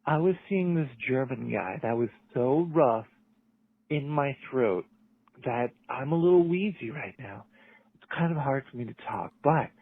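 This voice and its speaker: A man voicing a crude, brash woman caller who is hoarse and wheezy. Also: medium pitch, lively intonation, unhurried. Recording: tinny phone voicemail.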